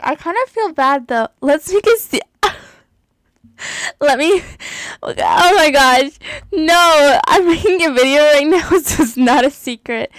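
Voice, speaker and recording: A woman's voice: high voice, no echo, rough recording. A young woman chatting casually as she plays, gushing and giggling often as she comments on her game. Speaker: gaming YouTuber.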